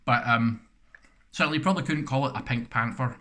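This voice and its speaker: A man's voice: mid-range voice, fairly quick, bright, forceful tone, a little hiss or hum. A man chatting casually in a snack review vlog, rambling and poking fun at himself between bites. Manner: rambling, self-deprecating chat while eating. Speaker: snack reviewer, channel host.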